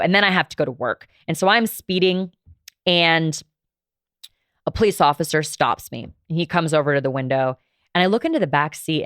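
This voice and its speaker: A woman's voice: sits low, fairly bright tone, smooth, no echo, studio quality. A woman in her thirties hosting a podcast, candidly telling a personal story in a casual, conversational way with frequent fillers. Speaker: podcast host.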